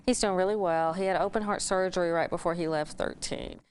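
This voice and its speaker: A woman from Alabama with a Southern accent, a former TV news anchor talking in a casual interview, warm and talkative. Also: fairly low pitch, fairly even intonation, brisk, a little hiss or hum. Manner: warm, talkative, laughs easily.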